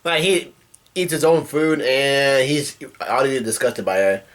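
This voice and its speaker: Guy vlogging a comic recap, mid-pitched, rambly, lots of ums. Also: lively intonation, measured pace, a little hiss or hum. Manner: rambling with many fillers and restarts. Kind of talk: casual chat reacting to a comic chapter.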